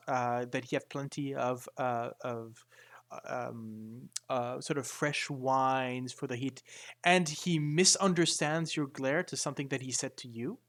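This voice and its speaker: A man running a tabletop game as game master, explaining the scene in a halting way with many restarts. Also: mid-range voice, fairly bright tone. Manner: halting, full of fillers and restarts.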